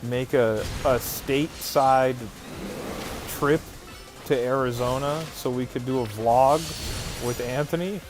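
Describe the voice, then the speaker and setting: A man's voice: mid-range voice, steady tone, slow pace, over music. A man hosting a livestream who reads viewer chat aloud and answers in a loose, casual way, with plenty of fillers and restarts. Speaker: livestream host.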